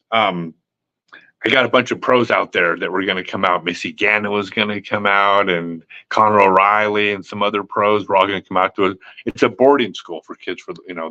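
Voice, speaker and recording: A man hosting a live stream, telling a story in an animated, casual way and acting out the people in it. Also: lowish voice, lo-fi sound. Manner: animated, acts out quotes with laughs.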